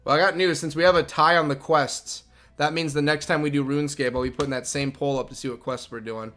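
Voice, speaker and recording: A man streaming a game live, chatting excitedly, laughing often and talking to his dog. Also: on the high side, quick pace.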